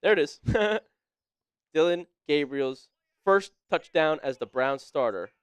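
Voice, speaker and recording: A man co-hosting a casual sports live stream, excitable and quick to laugh, reading viewers' names aloud as he calls the plays. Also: on the high side, smooth, no echo.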